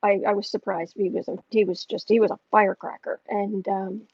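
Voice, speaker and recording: A woman's voice: mid-range voice, level tone, fairly quick, darkish tone, muffled recording, slight background noise. A woman reading astrology and tarot on a casual home livestream, musing and thinking aloud as she goes.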